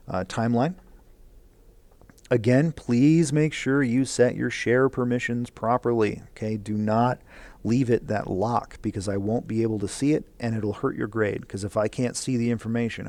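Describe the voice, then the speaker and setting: A man's voice: mid-range voice, a little mellow, no echo. A male teacher recording class instructions, rambling with many fillers, earnest and encouraging.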